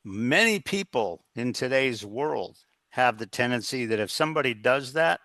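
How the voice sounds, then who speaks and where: Pushed and bright, this man's mid-range voice moves at normal speed with lively intonation, with no room sound behind it. He's a guest in a casual interview, earnestly recounting a story and voicing the other people's lines himself.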